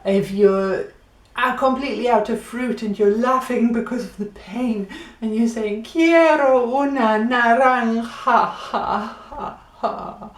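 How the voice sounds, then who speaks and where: Slow, playful woman teaching Spanish. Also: mid-range voice, darkish tone. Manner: silly, demonstrative, acts out laughs and animal sounds. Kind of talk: playful language lesson. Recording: echoey room.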